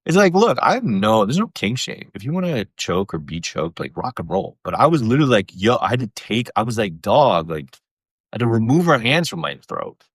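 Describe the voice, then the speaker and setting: A comedian hosting a casual solo podcast, animated and profane, jumping his voice around to act out what people said. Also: fairly quick, no echo. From Canada. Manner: animated, profane, acts out quoted voices with big pitch jumps. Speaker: comedian host.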